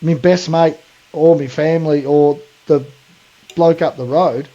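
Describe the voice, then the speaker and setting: Aussie guy ranting casually, warm-ish mellow voice, kinda dull recording. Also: a little high, fairly even intonation, unhurried. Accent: Australian. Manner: blunt, ranting, says mate a lot. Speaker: podcast co-host. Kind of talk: casual chat.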